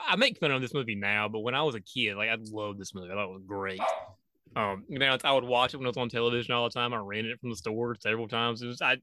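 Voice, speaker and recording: A man's voice: mid-range voice, bright, forceful tone, no room sound. A man co-hosting a casual podcast, rambling and joking about an old movie. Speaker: podcast co-host. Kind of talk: casual chat.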